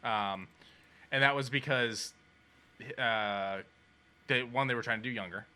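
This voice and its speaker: A man co-hosting a casual podcast, telling stories with lively energy and acting out the voices of the people in them. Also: medium pitch, a little slow, clear, resonant tone. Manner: animated storyteller, acts out quoted voices. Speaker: podcast co-host. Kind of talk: casual chat.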